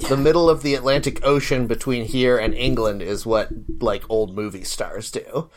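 A man co-hosting a casual podcast chat, excitable and laughing often. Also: mid-range voice, moderate pace, a little hiss or hum. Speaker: podcast co-host.

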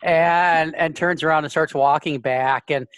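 A man's voice: fairly high pitch, fairly even intonation, unhurried, a bit bright, no echo. A man running a tabletop game as game master, narrating casually with frequent restarts and swearing.

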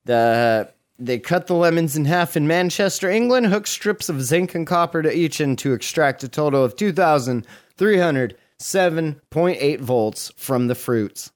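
Man, podcast co-host, smooth resonant voice, slightly high, jokey and crude news reading. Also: animated, unhurried. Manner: jokey, crude, reads headlines with sarcastic asides. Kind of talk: casual comedic chat.

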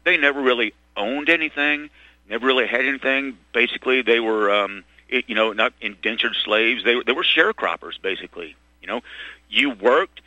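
Man, middle-aged, talk radio host, halting and rambling, sharp forceful voice, dry close sound. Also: medium pitch, no room sound, poor audio. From Texas. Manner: halting, full of restarts and fillers. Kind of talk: rambling monologue.

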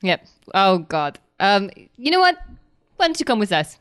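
A woman's voice: medium pitch, big pitch swings, moderate pace, fairly bright tone, clean tone. A woman playing a tabletop role-playing game, joking and bantering with the group. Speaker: player. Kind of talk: casual tabletop role-play.

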